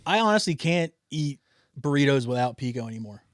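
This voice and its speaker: A man's voice: mid-range voice, sing-song, a little fast, no echo, clean studio sound. A man co-hosting a podcast in casual, profane chat, often laughing and mimicking voices. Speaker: podcast co-host.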